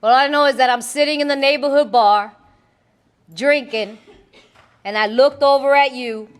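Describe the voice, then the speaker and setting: A woman speaks at a recovery meeting, telling her story bluntly in streetwise talk. Her voice sits high, and she laughs often between lines. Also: moderate pace. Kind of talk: personal testimony talk.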